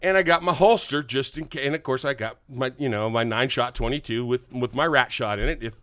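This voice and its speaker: Bright, lively older man. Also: mid-range voice, brisk, no echo. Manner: animated, laughing, acts out quotes. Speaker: podcast host. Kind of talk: casual storytelling chat.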